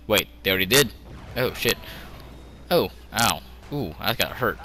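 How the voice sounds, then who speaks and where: Here a young gameplay commentator plays a strategy game on his computer, making rambling jokes and frequently muttering to himself. He has a fairly low, sing-song voice with a sharp tone, a moderate pace and long pauses. The audio is dry and rough.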